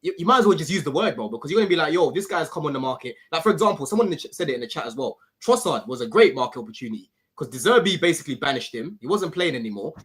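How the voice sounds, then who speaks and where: A man on a football podcast who talks extremely fast in a slightly high voice that swings up and down. He is emphatic and slangy, and swears freely. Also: big pitch swings, breathy edge. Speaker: podcast co-host. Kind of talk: casual football podcast chat.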